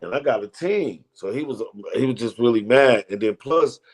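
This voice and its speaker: A man's voice: medium pitch, lively intonation, normal speed, slightly rough. A man telling rambling, slangy stories in a casual interview. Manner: loose, rambling, slangy storytelling with restarts. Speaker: comedian guest.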